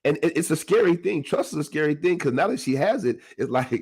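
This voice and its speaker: A man hosting his own podcast, talking to his listeners in a casual motivational monologue, animated and laughing often. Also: fairly high pitch, quick pace, breathy edge. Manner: animated, laughs often, talks straight to the audience. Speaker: podcast host.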